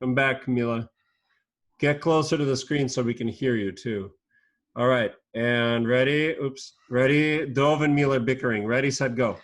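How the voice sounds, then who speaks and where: An upbeat, patient teacher running an online class for young children over a video call, firing off quick strings of questions. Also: mid-range voice.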